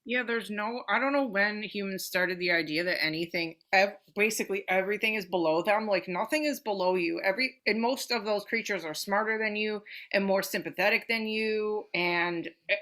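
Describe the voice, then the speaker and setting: A woman's voice: medium pitch, normal speed, a bit bright. A woman with a Detroit accent, co-hosting a podcast, talking bluntly in casual chat, full of "like" and swearing. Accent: Detroit, Michigan. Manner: blunt, heavy "like" filler, swearing. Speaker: podcast co-host.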